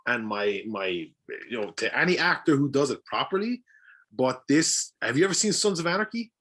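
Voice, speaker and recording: Bright-toned animated Irish man. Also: mid-range voice, moderate pace, husky. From Ireland. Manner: animated, swears freely, laughs often. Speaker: voice actor guest. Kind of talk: casual podcast chat.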